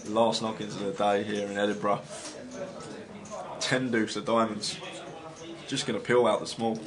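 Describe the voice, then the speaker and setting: Man, deep voice, poker play-by-play, relaxed and analytical, crowd murmur behind. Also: normal speed. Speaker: poker commentator. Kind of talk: live poker commentary.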